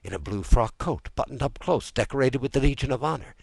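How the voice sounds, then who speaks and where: A man's voice: mid-range voice, animated, a little fast, creaky, a little mellow, husky, no echo, pitched above the performer's own voice. A male audiobook reader voicing a household valet who gives plain, deferential answers.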